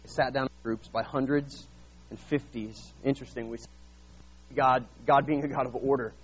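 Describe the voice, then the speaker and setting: A man preaching a sermon, retelling Bible scenes in a lively, casual way and acting out the characters. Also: medium pitch, moderate pace, breathy edge, lo-fi sound. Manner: animated, acts out Bible scenes in casual voices. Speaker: pastor.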